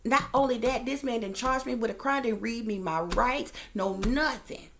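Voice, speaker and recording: A woman's voice: a little high, normal speed, fairly bright tone. A woman host telling a story to her viewers in a casual, heated rant, profane and emphatic. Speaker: psychic reader and channel host.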